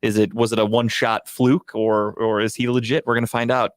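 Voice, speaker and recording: A man co-hosting a casual sports podcast, going on heated, profane rants that climb toward shouting. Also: on the low side, flat delivery, a little fast, no echo, studio quality. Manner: heated, profane ranting, rising to near-shouting. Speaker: podcast co-host.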